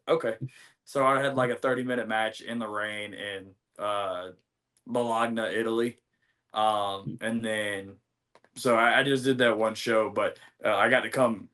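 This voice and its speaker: A young American man, a professional wrestler, telling stories in a rambling, animated way full of fillers and restarts. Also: on the low side. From United States. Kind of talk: casual interview storytelling.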